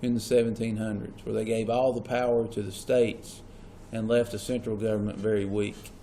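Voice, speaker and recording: A man's voice: lowish voice, flat delivery, normal speed, warm tone, slight background noise. A man teaching a classroom lesson. He keeps asking the class questions and repeats the key points. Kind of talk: classroom lecture.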